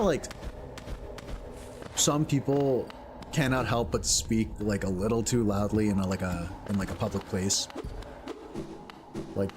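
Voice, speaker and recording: A man's voice: fairly low pitch, noisy background. A man chatting casually while playing a game. He rambles with lots of fillers and breaks into laughter. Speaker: gaming streamer. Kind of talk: casual gameplay commentary. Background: other people in the house.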